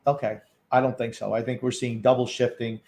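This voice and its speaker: A man's voice: mid-range voice, level tone, brisk, a little mellow. A man co-hosting a hockey watchalong podcast, making dry, wry remarks about the game. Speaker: podcast co-host. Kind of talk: casual sports commentary.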